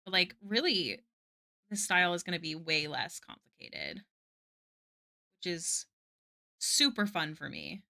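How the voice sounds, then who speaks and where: Woman, live art streamer. Bright, chatty, casual, talks to chat while working. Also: on the low side, expressive, unhurried, vocal fry, pauses often. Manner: chatty, answers chat, many "like" fillers.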